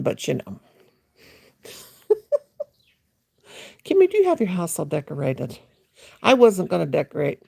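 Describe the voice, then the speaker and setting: A woman hosts a casual late-night livestream from her home, rambling along in an unhurried way. Her voice is gravelly and slightly husky, and it swoops up and down a lot as she teases and greets her viewers by name. The sound is close and dry. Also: sits low, warm tone, no room sound. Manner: teasing, playful, mimics a gushing voice. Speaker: livestream host.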